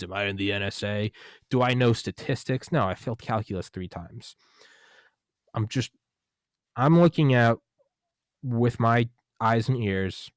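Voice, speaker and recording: A man hosting a podcast in a casual monologue, talking in an animated way with swearing, rhetorical questions and quick asides. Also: mid-range voice, dry recording. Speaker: podcast host.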